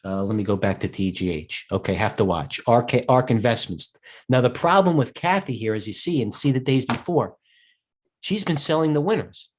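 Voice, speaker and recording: A man's voice: medium pitch, lively intonation, moderate pace. A middle-aged man hosting a live market commentary stream, tired and rambling as he digresses and stops to answer viewers' questions. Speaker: host and stock broker.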